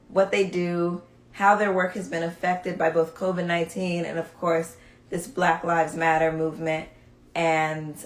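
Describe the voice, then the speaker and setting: A woman's voice: fairly low pitch, a bit bright. Earnest young New woman, echoey room. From Brooklyn, New York. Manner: earnest, emphatic, repeats key phrases. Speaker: host. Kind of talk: casual livestream talk. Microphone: phone.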